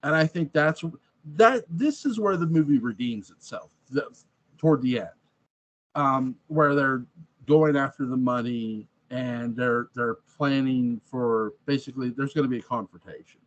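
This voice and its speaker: A man of middle pitch rambles through his thoughts on a western, doubling back and restarting often. The recording sounds dull and lo-fi. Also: a little slow. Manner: rambling, with frequent restarts and laughs. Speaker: movie reviewer. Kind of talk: casual film review chat.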